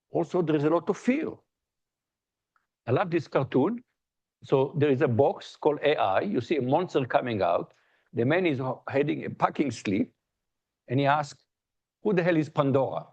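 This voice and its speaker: A man's voice: mid-range voice, a little mellow, muffled recording. Man giving a conversational lecture. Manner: conversational, tells jokes and anecdotes, frequent restarts. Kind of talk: academic colloquium talk. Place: lecture hall.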